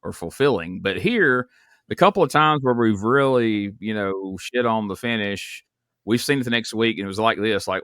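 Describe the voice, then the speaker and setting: A podcast host, chatting casually and telling stories with laughs. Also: male voice, lowish voice, moderate pace, a bit bright, smooth, no room sound, studio quality. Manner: storytelling, laughs, swears casually. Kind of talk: casual chat.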